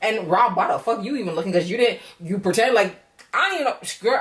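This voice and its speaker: A woman's voice: mid-range voice, big pitch swings, quick pace, far from the mic, slight background noise. A woman giving a chatty, profane, laughter-filled casual recap of a reality show. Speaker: YouTube reality-show reviewer. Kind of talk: casual reaction commentary.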